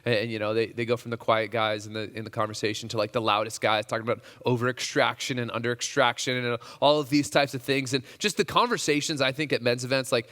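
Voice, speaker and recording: Bright-voiced male pastor in a hall. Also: mid-range voice, fast, hardly any pauses. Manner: conversational, many restarts and fillers, animated. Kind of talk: casual sermon.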